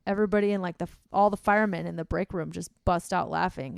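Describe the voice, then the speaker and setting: Gravelly, rambling female comedian. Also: on the low side, fairly even intonation, quick pace, no echo, clean studio sound. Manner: rambling, filler-heavy. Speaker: comedian and show promoter. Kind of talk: casual chat.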